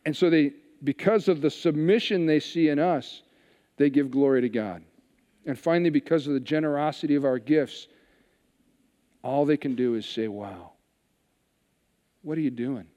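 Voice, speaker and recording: A man preaching a sermon, telling a scripture story with animated retellings and hushed asides. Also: fairly high pitch, normal speed, big-room sound. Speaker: pastor.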